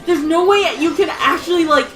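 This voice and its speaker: A woman's voice: very high-pitched, a little fast. A young woman chatting casually while playing a game, rambling, giggling often and swearing freely. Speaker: let's play co-host. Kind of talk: casual chat over gameplay. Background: faint game music.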